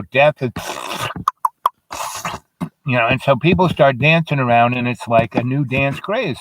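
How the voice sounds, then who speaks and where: Man, storyteller, meandering, filler-heavy, mid pitch, dry recording. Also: a bit bright, no room sound. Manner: meandering, lots of fillers and asides. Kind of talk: rambling spoken storytelling.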